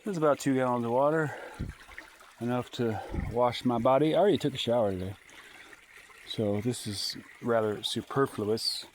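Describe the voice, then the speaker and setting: A man's voice: medium pitch, normal speed, slight background noise. A man vlogging alone from a forest campsite, talking into his handheld phone, out of breath, rambling and going off on tangents. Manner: rambling, sidetracked, jokey. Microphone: handheld phone camera.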